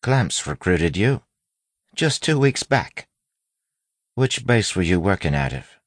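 A man voicing a sly male lawman posing as a thug, speaking low and soft with a quiet threat. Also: sing-song, slow pace, no room sound, exaggerated voice. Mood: soothing.

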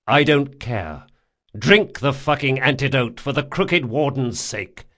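A man voicing a big, strong, loyal male thief who speaks in a measured, firm way in an audiobook. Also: mid-range voice, animated, pushed and bright. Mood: controlled firm. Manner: measured and firm, bursting into roars. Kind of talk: audiobook character voice.

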